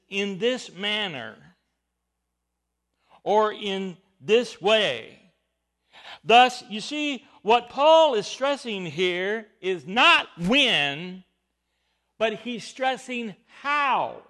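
Slow, animated man preaching a sermon. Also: high-pitched. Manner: emphatic, rising and falling with stress on key words. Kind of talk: Bible teaching sermon.

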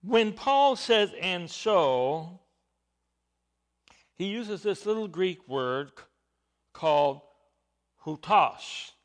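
A man's voice: high voice, sing-song, very slow, long pauses. A man preaching a Bible teaching sermon, emphatic and stressing key words.

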